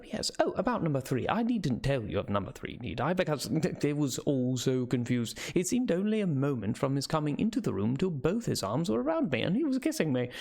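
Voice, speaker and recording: Guy putting on a sweet young victorian lady, gushy and tender, a bit higher, gravelly underneath. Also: darkish tone, full character voice. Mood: giddy. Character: young Victorian woman, sweet, emotional letter-writer.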